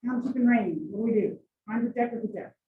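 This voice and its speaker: A woman instructor teaching a college class, brisk and teasing as she coaxes answers from her students. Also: on the high side. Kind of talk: classroom lecture with questions. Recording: distant echoey classroom on tinny mic.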